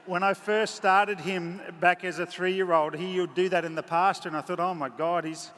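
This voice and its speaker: An Australian horseman talks to the crowd from the saddle in a high, bright voice, swinging between jokes and tearful warmth. His headset mic picks up the long echo of a big indoor arena with faint ambience behind. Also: little pitch movement, normal speed, a little hiss or hum. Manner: emotional, joking, chatty storyteller. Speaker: horse trainer giving a clinic. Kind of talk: live clinic commentary from horseback.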